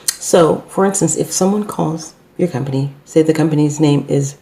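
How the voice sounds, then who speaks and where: A woman's voice: low-pitched, moderate pace, vocal fry, warm tone. A middle-aged woman and business owner, teaching customer service in an unscripted talk, hesitant with many fillers and self-corrections.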